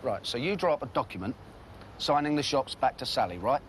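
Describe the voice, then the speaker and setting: An actor playing a quick-tongued London con man with a Cockney accent, cheeky and combative in a TV drama. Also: medium pitch, expressive, slight background noise, lightly acted. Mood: bargaining. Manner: cheeky, fast-talking, trading insults. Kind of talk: TV drama acting.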